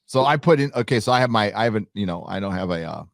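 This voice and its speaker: A man's voice: fairly low pitch, expressive, quick pace, vocal fry, no echo. Male guest, blunt, swearing, ranting, dry close sound. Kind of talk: casual podcast chat.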